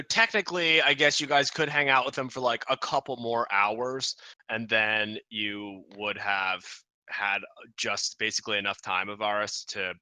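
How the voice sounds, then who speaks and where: 밝고 건조한 남자 게임 마스터. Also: male voice, fairly low pitch, no room sound, poor audio. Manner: relaxed, rambling with fillers and laughs. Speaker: game master. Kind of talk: narrating a tabletop game.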